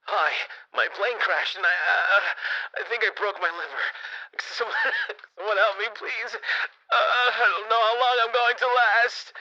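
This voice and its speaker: A man acting out a stranded crash survivor, pitched well above his usual voice. He stammers and sobs through broken pleas for help. His voice goes high and thin with panic. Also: a little slow, pauses often, pushed and bright, highs cut off, exaggerated voice. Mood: panicked.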